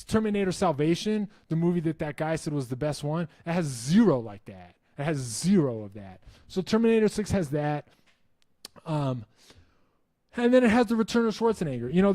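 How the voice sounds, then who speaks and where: A man with a warm, medium-pitched voice hosts a casual live stream, recorded dry and at studio quality. He answers viewer questions with wry enthusiasm, rambling and cutting himself off as he goes.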